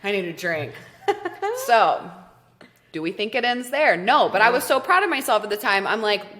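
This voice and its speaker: A woman co-hosting a podcast, telling a story in casual chat, animated and swearing freely. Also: medium pitch, a little fast. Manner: animated, swears freely, acts out quoted voices. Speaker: podcast co-host.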